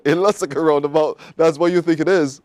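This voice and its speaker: A man's voice: fairly high pitch, dry recording, clean studio sound. A Barbadian man hosting a morning show, running a playful call-in word game and reading the news. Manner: lively, playful, drawn-out teasing delivery.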